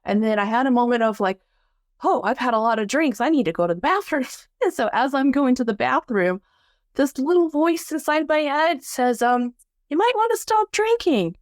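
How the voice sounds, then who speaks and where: Animated woman telling a funny story. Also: moderate pace, no echo, studio quality. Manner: animated, acts out quoted voices with big pitch jumps; laughs often while telling. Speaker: guest storyteller. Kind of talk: casual storytelling.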